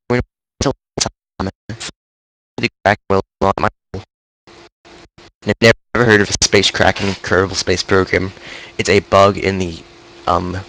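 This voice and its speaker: Low-voiced rambling man with a cold. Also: a bit bright, rough recording. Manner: rambling, self-deprecating, thinking aloud. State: congested with a cold. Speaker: game streamer. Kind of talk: casual let's-play commentary.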